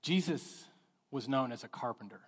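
A middle-aged man preaching a sermon as pastor, telling stories in an animated way and acting out the voices of the people in them. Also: medium pitch, normal speed, slightly rough. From Texas. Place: church sanctuary. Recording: long reverb of a church hall.

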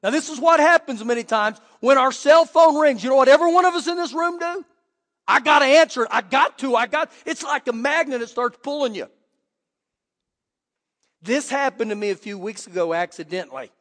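A man preaching a sermon as pastor, telling lively stories and acting out quoted voices. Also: very high voice, brisk, in a large hall. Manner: animated storytelling with quoted voices. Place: church sanctuary.

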